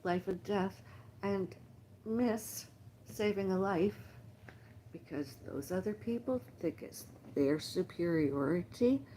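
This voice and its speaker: A middle-aged woman hosting a livestream, talking in a halting, emotional, rambling monologue full of repeated lists. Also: mid-range voice, dark tone, slight background noise. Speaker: livestream host. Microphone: phone livestream.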